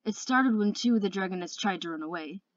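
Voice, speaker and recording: A woman's voice: mid-range voice, lively intonation, quick pace, lo-fi sound, natural voice. A woman voicing an anxious, guilty male sea dragon who falters and defends himself in a storybook reading. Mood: defensive.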